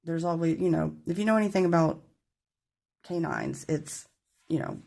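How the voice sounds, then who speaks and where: Talking to her camera through its built-in mic, this woman rambles chattily through a relaxed tarot reading, saying sorry when her words get tangled. She has a low, gravelly, slightly mellow voice and keeps a moderate pace.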